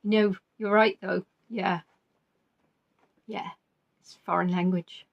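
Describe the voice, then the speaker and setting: A woman's voice: medium pitch, fairly even intonation, slow pace, gravelly, muffled recording. A woman hosting a live-stream quiz in a chatty, giggly way, reading out viewers' answers and teasing them. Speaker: quiz host.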